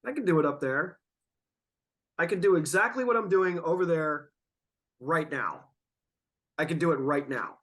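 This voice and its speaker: Man podcast host, stoned, rambling, slow drawn-out delivery with frequent laughs. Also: fairly high pitch, fairly bright tone. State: stoned and yawning. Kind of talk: casual podcast chat.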